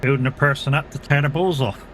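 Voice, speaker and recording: A man's voice: medium pitch, steady tone, quick pace, a bit bright, slight background noise. Rambling man on a live stream. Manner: rambling storyteller, acts out quoted people. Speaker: gaming streamer. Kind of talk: casual live-stream chat while playing.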